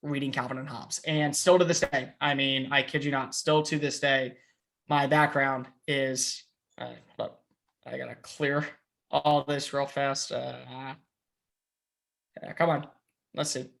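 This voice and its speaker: A young man chatting as a podcast guest over a video call, excitable and quick, with playful impressions and swearing. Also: mid-range voice, vocal fry. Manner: excitable, fast, with playful put-on voices and profanity. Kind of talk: casual chat.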